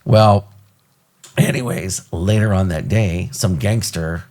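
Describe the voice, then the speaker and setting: A middle-aged man hosting an interview, telling a story with lively acted-out quotes. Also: sits low, takes it slowly. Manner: animated storyteller, acts out quotes. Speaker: podcast host.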